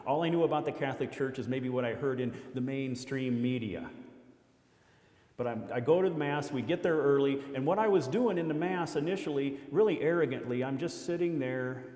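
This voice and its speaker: A man's voice: mid-range voice, fairly quick, darkish tone. Guy from iowa telling his faith story to a church crowd, earnest w some self-deprecating jokes, medium voice, lots of hall echo. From Iowa, USA. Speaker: lay speaker giving a testimony. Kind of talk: personal faith testimony to a congregation. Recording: echoey hall with long reverb.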